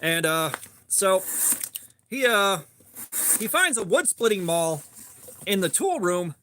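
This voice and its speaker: A man's voice: sits high, very animated, slow pace, pushed and bright, slight background noise. A man streaming live, telling a rambling story in a laid-back way and greeting chat as he goes. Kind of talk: casual storytelling while sharpening.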